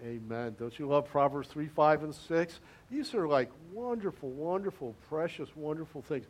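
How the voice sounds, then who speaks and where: Male pastor with a high voice, conversational sermon delivery that repeats key words for emphasis. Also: lively intonation, moderate pace. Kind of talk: interactive sermon with congregation.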